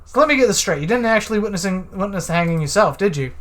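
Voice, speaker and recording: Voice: mid-range voice, expressive, rapid-fire, pitched above the performer's own voice, natural voice. A let's-play narrator voicing a brash male detective who questions bluntly and impatiently.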